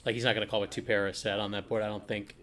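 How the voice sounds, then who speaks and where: A man's voice: fairly low pitch, little pitch movement, rapid-fire, crowd noise. A man co-commentating a live poker stream, agreeing with his partner and adding dry quips.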